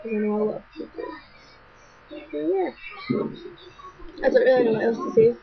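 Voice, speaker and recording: A young woman with a Scottish accent, rambling through chatty webcam shout-outs to followers at home, talking fast. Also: fairly high pitch, animated, creaky. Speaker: vlogger. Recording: dull lo-fi webcam audio.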